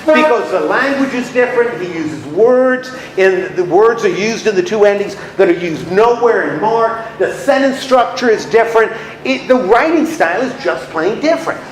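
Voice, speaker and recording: Guy teaching a bible class, kinda high voice, joking around, echoey room. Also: lively intonation, moderate pace, few pauses. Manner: chatty, playful, acts out little scenes with laughs. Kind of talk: casual Bible class lecture.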